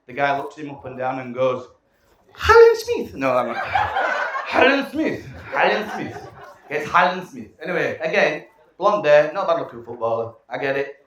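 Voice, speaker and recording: Cheeky best man in echoey hall. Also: a little high. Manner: cheeky storytelling, playful swearing. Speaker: best man giving a wedding speech. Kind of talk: wedding speech to guests. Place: wedding reception hall. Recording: echoey hall from far off, loud room noise.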